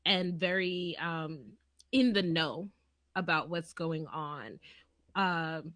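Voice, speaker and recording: A woman co-hosts a podcast with animated, joking chat and plenty of laughter. Her voice is bright and forceful. It sits in a dry, close recording. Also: sits low, takes it slowly, dry recording. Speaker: podcast co-host. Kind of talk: casual chat.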